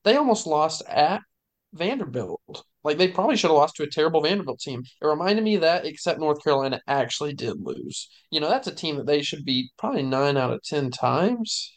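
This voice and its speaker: A man's voice: fairly high pitch, sing-song, brisk. A man on a casual sports podcast, thinking aloud as he compares games. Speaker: podcast co-host.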